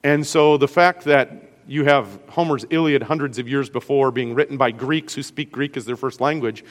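A man's voice: mid-range voice, moderate pace, long reverb tail. A man with a Great Lakes American accent, a pastor teaching a class on Scripture in a conversational way, often checking in with his listeners. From US Great Lakes region.

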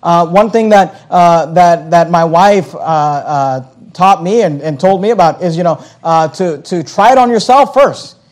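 A man's voice: sits high, unhurried. A pastor preaching a sermon in a conversational way, often stumbling and restarting his phrases.

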